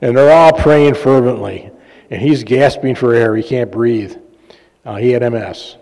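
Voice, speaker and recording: Male preacher with a mellow voice telling humorous stories in a reverberant hall; casual, chatty delivery. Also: medium pitch, unhurried, creaky. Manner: conversational, jokey, fillers and self-laughs. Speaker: pastor and healing minister. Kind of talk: sermon with personal stories. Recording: long reverb of a large hall.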